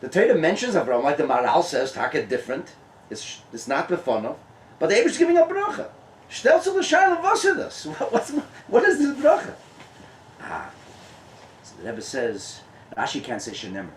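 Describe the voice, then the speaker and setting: A man, a rabbi, giving a lively Torah talk at a gathering, mixing in Hebrew and Yiddish terms and laughing often. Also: medium pitch, brisk, slight background noise. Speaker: rabbi, guest speaker. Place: tent. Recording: echoey and distant room sound.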